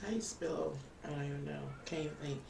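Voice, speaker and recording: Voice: mid-range voice, fast talker, gravelly, background noise. A live streamer and tarot reader in a casual live-stream chat, thinking aloud to viewers while working on a computer. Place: indoors at a computer. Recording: roomy, distant mic with faint music.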